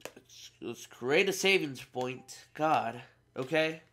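Bright-voiced young man ranting over gameplay. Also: mid-range voice, animated, slow pace. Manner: frustrated, swearing, talks to viewers. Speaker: gaming channel host. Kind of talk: casual let's play commentary. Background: game music.

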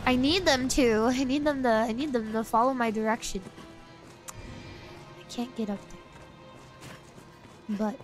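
A woman's voice: fairly high pitch, slow, long pauses. A young woman chatting expressively while playing a game on a livestream, squealing when scared. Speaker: streamer. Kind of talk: gaming livestream commentary. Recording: loud game music underneath.

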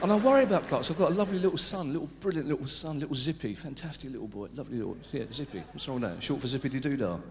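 A man doing live stand-up, swinging from loud mock outrage to low confiding murmurs. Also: lively intonation, racing, few pauses. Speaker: stand-up comedian. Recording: live hall recording with reverb and hiss.

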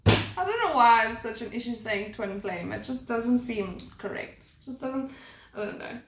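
A woman's voice: fairly high pitch, animated, a little slow, pauses often. A young woman doing a casual spoken card reading, rambling along with many fillers and restarts. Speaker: tarot and oracle card reader. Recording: echoey room.

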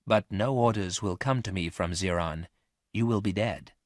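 A man reading aloud, voicing a calm male robot that runs a spaceship, formal and precise in his speech. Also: deep voice, moderate pace, dry recording, studio quality, natural voice.

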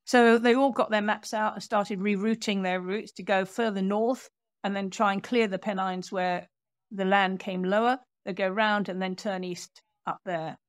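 Here a woman tells the history in a podcast interview as a guest author. She speaks at a middle pitch in a dry, close recording with no room sound, and she slips into the voices of the people in her story. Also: normal speed, smooth, no room sound. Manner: animated storyteller, acts out quotes.

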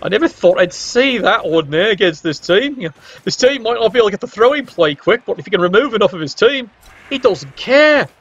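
A man's voice: high voice, animated, fairly quick, fairly bright tone, slightly rough, dull audio. A man doing casual, wry play-by-play commentary on a game stream, teasing the players with exclamations.

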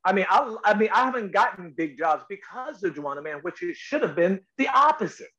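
Emphatic high-voiced man telling stories. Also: brisk. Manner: lively, emphatic, acts out quotes in higher voices. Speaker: actor guest. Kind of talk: animated interview storytelling. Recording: slightly dull lo-fi audio.

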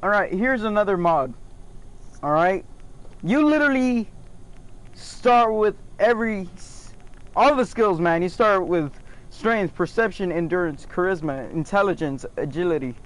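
A man streaming a game, chatting casually with his viewers, excitable and swearing a lot. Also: high voice, a little slow. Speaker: gaming streamer. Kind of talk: casual gameplay commentary.

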